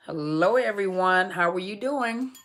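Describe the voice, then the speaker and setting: Bright, upbeat woman greeting viewers. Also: medium pitch, animated, unhurried. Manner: laughs often. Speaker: host of a live Q&A on narcissistic abuse. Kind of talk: casual live-stream chat.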